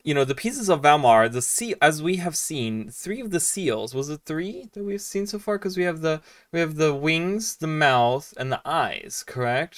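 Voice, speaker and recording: A man's voice: mid-range voice, a bit bright, no echo, far from the mic. A man streaming a game, chatting loosely with many fillers as he follows the story. His voice sits mid-range and sounds dry, a little away from the mic. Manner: rambling, filler-heavy, reads dialogue aloud. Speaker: streamer playing and commenting. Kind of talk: casual gameplay commentary.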